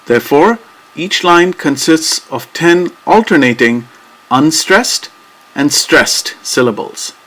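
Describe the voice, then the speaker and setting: A man reads scripted educational narration in a measured, deliberate way, tapping out rhythms with clear emphasis. His voice is on the high side, expressive, and a bit bright.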